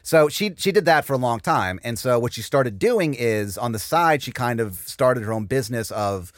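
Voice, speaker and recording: A man's voice: mid-range voice, moderate pace, dry recording, studio quality. A man from Northern Virginia, a stand-up comedian guesting on a podcast, telling stories in casual chat with many "like" fillers. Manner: animated storyteller, many "like" fillers.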